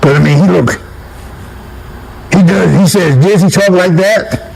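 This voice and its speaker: A man with a high-pitched voice preaching in a loose, conversational way. He repeats his points, chuckles between them and keeps asking listeners "right?". A faint hum of noise sits under the recording. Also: unhurried, gravelly, a little mellow, poor audio. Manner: conversational, repeats himself, asks the audience "right?". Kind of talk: casual street sermon.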